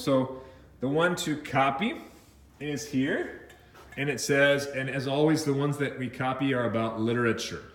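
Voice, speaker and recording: Speaking in a mid-range voice with a roomy sound, a man records an English vocabulary lesson. His explanations are slow and packed with fillers and restarts, with Spanish words creeping in at times.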